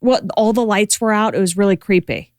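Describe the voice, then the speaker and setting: A woman co-host in casual podcast chat. She tells a story animatedly and fills it with "like" asides. Her voice sits at a middle pitch and sounds dry and close, with no room echo. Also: expressive, brisk, a little mellow.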